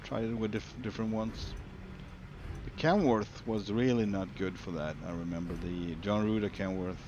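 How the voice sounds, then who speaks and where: Swedish-accented man, slightly low voice, unhurried joking game commentary, heavy engine noise behind. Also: muffled recording. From Sweden. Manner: relaxed, joking, thinks aloud. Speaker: streamer. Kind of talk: casual gameplay commentary. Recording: loud engine noise under the voice.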